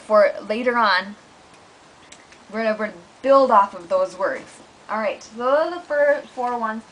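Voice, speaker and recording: A woman's voice: a little high, sharp tone, a little hiss or hum, rough recording. A woman teaching a Spanish lesson to homeschool students, explaining in a patient, encouraging way.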